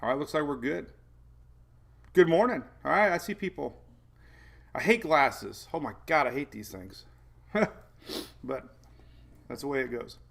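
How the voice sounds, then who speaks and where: Man, weather host, casual live chat, jokey, rambling, slightly higher voice. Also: lively intonation, a little slow, gravelly, long pauses. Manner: rambling, jokey, self-deprecating with frequent laughs. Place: home.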